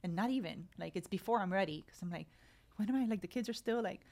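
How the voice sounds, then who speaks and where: A woman's voice: mid-range voice, quick pace, darkish tone. A woman in her thirties, a podcast guest in casual conversation, telling stories animatedly and acting out quoted dialogue.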